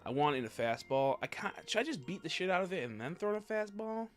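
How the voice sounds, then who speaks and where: A young man streaming a video game in casual chat, swearing a lot and swinging from low mumbles to loud frustrated outbursts. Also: big pitch swings, fast talker, faint music behind. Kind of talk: casual gaming livestream chat.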